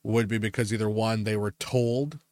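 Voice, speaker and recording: A man's voice: lowish voice, little pitch movement, normal speed, darkish tone, dry recording. Rambling, cursing man in casual chat. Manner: rambling, swears freely, lots of fillers. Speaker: podcast co-host.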